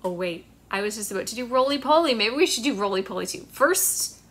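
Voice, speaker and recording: A woman's voice: mid-range voice, lively intonation, fast, a bit bright. A young woman, a children's librarian, cheerfully talking young children through a storytime.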